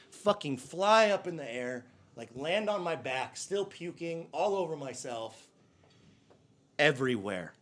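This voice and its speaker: A man's voice: medium pitch, very animated, measured pace, a bit bright. A man on a casual podcast, telling a story with animation and laughing as he talks. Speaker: podcast co-host. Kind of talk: casual chat.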